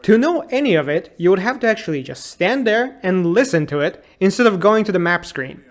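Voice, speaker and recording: A man's voice: high-pitched, big pitch swings, fairly quick. A man in his thirties narrating a comedic game retrospective in a sarcastic, incredulous and exasperated way. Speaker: YouTube game reviewer.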